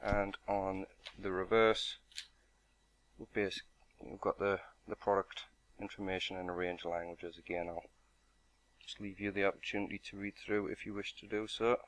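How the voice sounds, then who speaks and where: A man's voice: low voice, level tone, a little fast, fairly bright tone. A man narrating an unboxing and product walkthrough in a matter-of-fact, explanatory way. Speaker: product reviewer.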